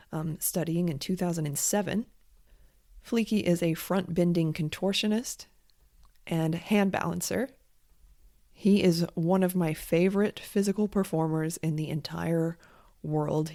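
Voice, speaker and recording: A woman's voice: fairly low pitch, darkish tone. A woman hosting a solo podcast, talking frankly and casually with lots of fillers and restarts. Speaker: podcast host and creative coach.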